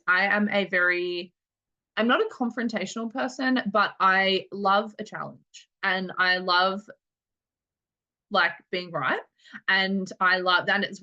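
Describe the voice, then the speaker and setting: A woman leading a casual team meeting, talking quickly in a chatty way with lots of filler words. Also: medium pitch, bright, forceful tone, highs cut off. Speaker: network marketing team leader.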